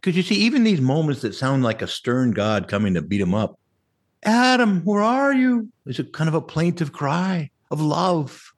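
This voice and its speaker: Husky, animated male priest preaching. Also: medium pitch, brisk, few pauses. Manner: animated, conversational preaching with rhetorical questions. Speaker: Catholic priest. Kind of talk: sermon.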